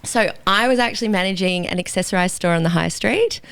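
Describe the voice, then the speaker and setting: An Australian woman chats casually as a co-host and wanders happily off topic into stories. Her voice is smooth and clear. The recording is close and dry. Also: medium pitch, a little fast, no echo. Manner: chatty, digressive storyteller. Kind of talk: casual chat.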